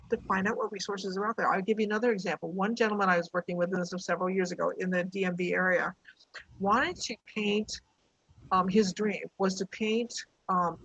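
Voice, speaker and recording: A woman's voice: medium pitch, fairly bright tone, slightly rough, no echo, dull audio. A woman business coach leading a casual online workshop, chatty and encouraging, telling stories from her clients. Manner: chatty, encouraging, tells anecdotes. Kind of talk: casual live coaching session.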